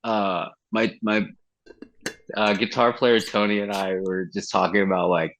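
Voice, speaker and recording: A man's voice: lowish voice, little pitch movement, a little slow, creaky, a bit bright, slight background noise, poor audio. A man who sings in a metal band, talking casually as a podcast guest, swearing freely and acting out quoted conversations. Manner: loose and profane, acts out quoted dialogue. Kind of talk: casual interview chat.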